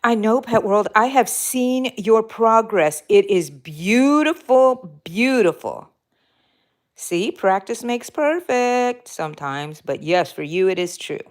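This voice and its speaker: A woman's voice: on the high side, expressive, a little slow, hardly any pauses. A woman hosting a crochet live stream, chatting casually and answering viewer comments while she crochets, rambling with fillers and self-corrections. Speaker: crochet livestream host.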